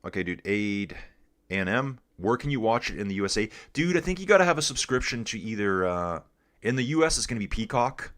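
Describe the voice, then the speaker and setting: Laid-back low-voiced man calling everyone dude. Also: sing-song, brisk, fairly bright tone. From Canada. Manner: laid-back, calls everyone dude, reads chat aloud. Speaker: live stream host. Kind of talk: casual live race commentary and chat.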